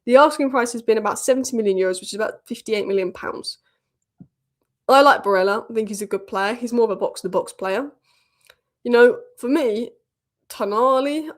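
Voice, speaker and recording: A woman hosting a football news channel, giving casual, opinionated commentary with quick asides. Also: mid-range voice.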